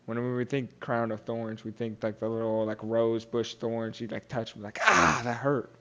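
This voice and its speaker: A man's voice: on the low side, completely flat delivery, normal speed, darkish tone, slight background noise. A young man hosting a podcast, retelling a Bible story in casual talk, with many fillers and restarts and quotes acted out in character. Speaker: podcast host.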